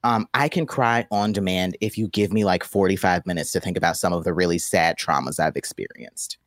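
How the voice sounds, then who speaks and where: A man's voice: deep voice, a little fast, fairly bright tone, no room sound. A man co-hosting a podcast in casual, jokey, self-deprecating chat over an internet call. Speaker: podcast co-host. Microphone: remote call over internet. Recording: dry remote call audio.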